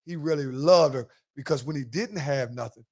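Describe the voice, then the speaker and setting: A man's voice: mid-range voice, moderate pace, a little mellow. A man hosting a podcast in a casual chat, telling loose, profane stories and acting out quotes. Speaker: podcast host.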